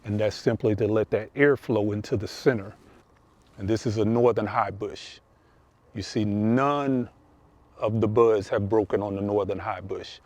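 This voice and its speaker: A man's voice: lowish voice, steady tone, unhurried, darkish tone, no echo. A man hosting a gardening video, explaining things in a folksy, casual way while walking through his outdoor garden. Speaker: gardening channel host.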